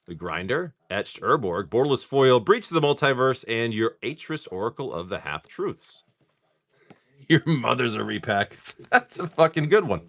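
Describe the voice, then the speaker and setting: Lively, swearing man chatting on stream. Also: medium pitch, dry recording. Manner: rambling, swears freely, laughs often at chat; reads card names off in quick lists. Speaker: live-stream host opening card packs. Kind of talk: casual live-stream chatter.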